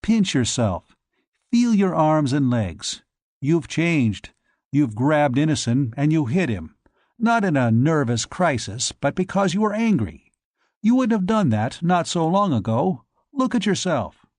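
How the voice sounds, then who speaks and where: Guy narrating as soft patient man coaxing a friend, insistent, slightly high voice. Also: sing-song, a little slow, no echo, studio quality. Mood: gentle. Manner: gentle and insistent. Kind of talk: audiobook character voice.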